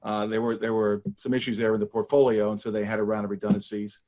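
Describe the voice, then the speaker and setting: Relaxed American man in his fifties. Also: fairly low pitch, fast talker. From United States. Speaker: guest, company founder. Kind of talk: casual interview answers.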